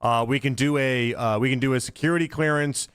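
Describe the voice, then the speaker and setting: A man's voice: medium pitch, brisk, clear, resonant tone. A man hosting a sports radio show, chatting casually and acting out the people in his story as he tells it. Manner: animated storyteller who acts out exchanges.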